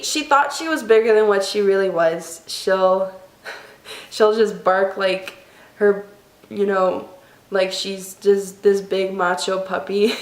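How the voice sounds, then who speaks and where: A young woman talks straight to her camera in a personal vlog, her voice emotional and tearful, often soft and halting. Her voice sits at a middle pitch. The room around her is echoey. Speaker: vlogger.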